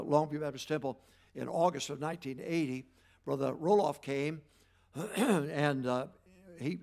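An older preacher with a gravelly, fairly high voice. He tells stories quietly and then rises into loud calls to his listeners. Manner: folksy preaching, swings from loud exhortation to quiet storytelling. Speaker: pastor. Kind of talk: sermon.

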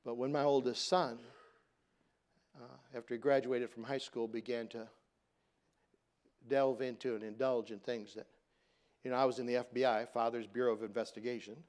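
A middle-aged man preaching a sermon, telling a family story in a conversational way. He climbs loud for emphasis and then drops to a soft, low voice. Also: level tone, normal speed, long pauses. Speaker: pastor.

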